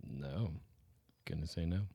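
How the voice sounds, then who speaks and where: A very deep-voiced man co-hosting a chatty podcast, loose and playful, drifting off mid-thought before picking back up. The recording is dry and close, with no room sound around him. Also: a little slow, gravelly, warm tone, slightly rough, dry recording. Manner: laid-back, joking, trailing off mid-sentence. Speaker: podcast co-host. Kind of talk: casual chat.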